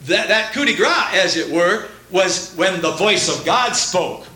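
A man's voice: sits high, expressive, a little slow, sharp tone, heavy reverb, poor audio. A man preaching a sermon with fervent, rising emphasis.

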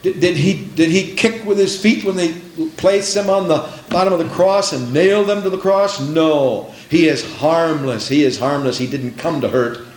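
A man's voice: on the high side, moderate pace. Preacher man with a roomy echo. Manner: swings from hushed to shouting, dramatic quoted voices. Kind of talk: sermon. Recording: roomy echo with faint background noise.

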